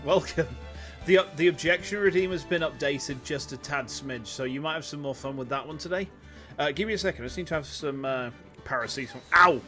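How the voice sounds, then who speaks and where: A man's voice: fairly high pitch, fairly quick, a bit bright. A man streaming a game, chatty and rambling, with a sore throat. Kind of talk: game livestream chat. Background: background music.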